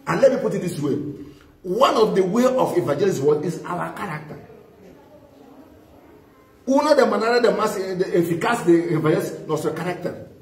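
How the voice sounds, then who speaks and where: A man's voice: sits high, lively intonation, a little fast, pauses often, darkish tone. A man preaching a sermon as pastor, prompting his congregation with call-and-response questions. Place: church hall. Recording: echoey church hall, distant mic.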